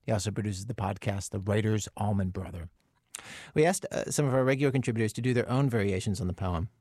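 A man with a low voice hosts a radio segment. He speaks in a measured, wry tone. The sound is close and dry. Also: darkish tone, no echo. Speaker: radio host. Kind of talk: scripted radio hosting.

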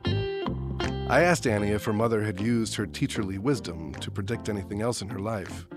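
A man hosting a radio show, reading a calm, measured scripted narration. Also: fairly low pitch. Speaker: radio host. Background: guitar music.

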